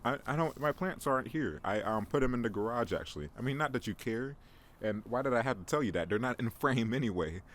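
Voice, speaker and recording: On a laid-back solo podcast, a young male host talks in a lowish, fairly bright voice. He wanders between topics, pokes fun at himself and restarts his sentences a lot. Faint background noise can be heard.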